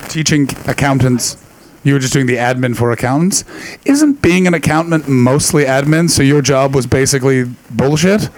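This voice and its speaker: A man's voice: medium pitch, normal speed, slight background noise, poor audio. A man doing a stand-up set before a live audience, telling profane rambling stories and teasing the crowd. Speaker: stand-up comedian.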